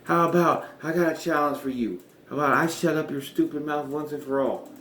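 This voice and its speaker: A man putting on the voice of an arrogant male wrestler who taunts with slow, sneering trash talk. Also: on the high side, steady tone, a bit bright, pitched above the performer's own voice, close to an everyday voice. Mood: taunting. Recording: roomy echo.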